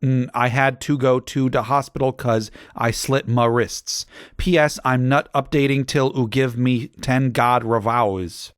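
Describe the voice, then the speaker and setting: A man's voice: mid-range voice, steady tone, a little slow, smooth, dry recording, clean studio sound, lightly acted. A man voicing a gushing teenage girl fanfic author, reading her garbled misspellings literally.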